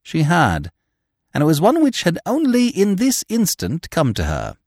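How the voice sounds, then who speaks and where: A man narrating a comic classic novel as an audiobook, telling it with expressive storytelling. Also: fairly high pitch, a little slow, dry recording, clean studio sound. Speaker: narrator and podcast host.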